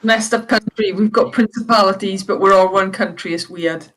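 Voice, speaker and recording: A woman from South Wales speaks with a Welsh accent, joining a casual live stream with lively, good-humoured remarks. Her voice sits at a medium pitch. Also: moderate pace, low-quality recording. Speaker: community member on stream. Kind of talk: casual chat.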